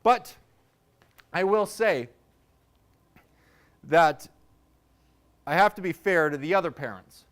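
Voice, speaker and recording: A man's voice: fairly high pitch, animated, slow pace, long pauses, fairly bright tone. A man in his thirties doing a stand-up set, telling loose, rambling stories with self-mocking asides. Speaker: stand-up comedian.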